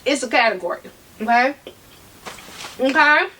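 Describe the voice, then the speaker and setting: A woman with a high voice talks straight to her viewers in a casual vlog. She wanders off on tangents and comes back, repeating key points to drive them home. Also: expressive, moderate pace, sharp tone, a little hiss or hum. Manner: chatty, tangent-prone, talks to viewers directly; emphatic repeats for stress. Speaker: vlogger. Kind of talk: casual talk to camera.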